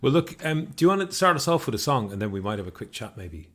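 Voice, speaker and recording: A man hosting a livestream interview, easygoing and quick with short enthusiastic replies. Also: medium pitch, sing-song. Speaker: host.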